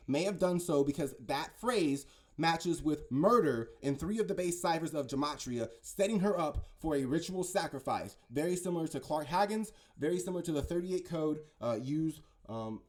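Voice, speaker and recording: In a high-ish voice with a darkish tone, a man rambles through a casual conspiracy monologue. He pushes his points insistently, trips over words often, and keeps checking in with "right?" and "okay?".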